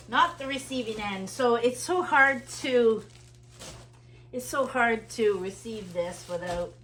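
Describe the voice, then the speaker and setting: A woman's voice: mid-range voice, fairly bright tone, slight background noise. A middle-aged woman from Canada, a vlogger chatting casually at home as she unpacks groceries and thinks aloud. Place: home kitchen.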